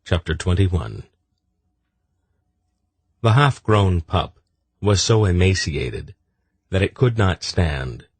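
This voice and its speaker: A man narrating an audiobook in a measured, even storytelling manner. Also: deep voice, slightly rough, dry recording. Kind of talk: scripted narration.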